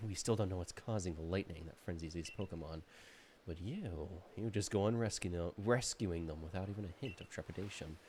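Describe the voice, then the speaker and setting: A man reading out a soft, smooth-talking flatterer. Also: slight background noise, lightly acted. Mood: smooth, ingratiating. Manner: soft, low, drawn-out reading of game dialogue. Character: smooth, flattering young male game character. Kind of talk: reading game dialogue aloud.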